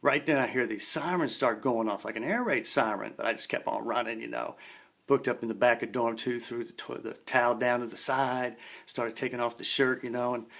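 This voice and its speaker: A man's voice: mid-range voice, steady tone, a little fast, creaky, a bit bright. A man in his forties telling a story in a laid-back, slangy way. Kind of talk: casual spoken storytelling.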